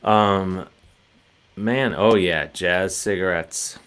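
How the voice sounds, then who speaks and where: A man's voice: low voice, extremely slow, fairly bright tone, a little hiss or hum. A man hosting a casual talk show, rambling and self-deprecating, often restarting his sentences. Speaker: host.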